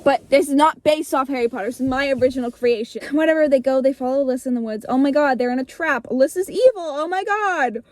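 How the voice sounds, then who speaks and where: A young woman in casual storytelling to a friend, animated and breezy, swearing freely and acting out lines. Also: sits high, quick pace, hardly any pauses, dry recording. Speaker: vlogger retelling her childhood story.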